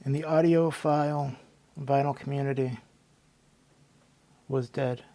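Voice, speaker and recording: A man's voice: medium pitch, fairly even intonation, unhurried, dark tone. A man narrating a comedic, mock-dramatic retelling with sarcastic storytelling.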